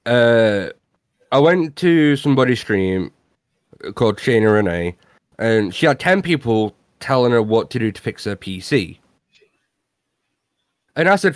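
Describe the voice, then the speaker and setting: A man's voice: medium pitch, sing-song, measured pace, long pauses, no echo, studio quality. A young British man co-hosting a podcast in casual chat, blunt and teasing, swearing freely. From Britain. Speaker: podcast co-host.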